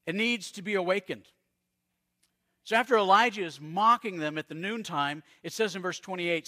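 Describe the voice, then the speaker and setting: Bright slightly high voiced pastor guy from arizona, storytelling sermon, drops quiet then booms. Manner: storytelling preacher, dramatic pauses and swings in loudness.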